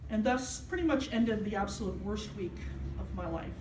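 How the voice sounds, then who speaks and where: A woman's voice: medium pitch, animated, normal speed, noisy background. A woman minister giving a sermon, telling a personal story and acting out the voices of the people in it. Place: church sanctuary. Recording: echoey hall, mic at a distance.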